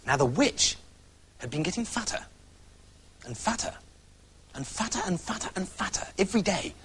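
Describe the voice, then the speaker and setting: A man tells a comic fairy tale with a playful, theatrical delivery. His voice is fairly high and very lively, jumping around in pitch. He throws himself into the telling. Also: moderate pace, husky. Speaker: storyteller.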